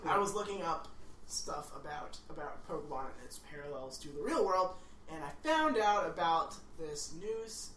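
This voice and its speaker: A woman's voice: sits low, lively intonation, moderate pace, a bit bright, echoey room, distant mic, slight background noise. A woman co-hosting a casual podcast, giggly and chatty. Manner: giggly, breaks into singing. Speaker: podcast co-host. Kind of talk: casual chat.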